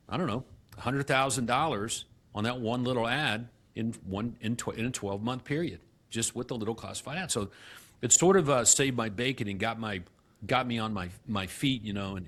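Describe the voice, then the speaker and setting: A middle-aged man, a guest in an interview, telling his story with animated acted-out dialogue and frequent restarts. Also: medium pitch, a little fast. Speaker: guest, real estate company CEO.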